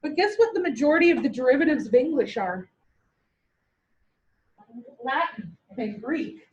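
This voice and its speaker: A woman teaching a classroom lecture, lively, asking her students questions and answering them herself. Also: sits high, normal speed, highs cut off.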